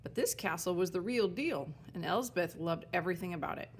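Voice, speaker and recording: A woman narrating a children's storybook chapter in an even, clear storytelling manner. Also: lowish voice, brisk, a little hiss or hum. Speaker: audiobook narrator.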